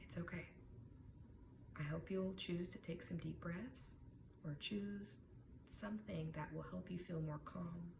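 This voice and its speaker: A woman voicing a calm, soothing teacher. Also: fairly low pitch, vocal fry. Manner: soft, slow, soothing and hushed. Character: calm, kind female schoolteacher soothing an upset pupil. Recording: echoey room with background noise.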